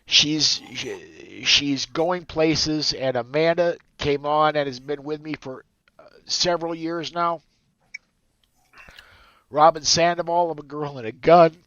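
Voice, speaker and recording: A man hosting a podcast, thanking his co-hosts, emotional and halting with many fillers. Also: a little high, fairly bright tone, dry recording, muffled recording. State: choked up, emotional. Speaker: podcast host. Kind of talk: emotional farewell chat.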